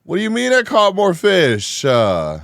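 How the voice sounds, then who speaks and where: Animated man streamer chatting with chat. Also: sits high, unhurried, creaky, no room sound, clean studio sound. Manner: animated, reactive, laughs often. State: groggy after just waking. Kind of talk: casual chat, reading chat live.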